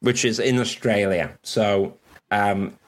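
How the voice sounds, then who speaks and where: A man's voice: on the low side, steady tone, slow. A man from Wales hosting a casual livestream chat, chatty and rambling, laughing often. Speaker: host.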